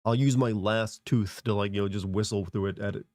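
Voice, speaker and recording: A man's voice: lowish voice, steady tone, a little fast, darkish tone, no room sound, studio quality. A congested man streaming, rambling casually as he answers chat. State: congested from a cold.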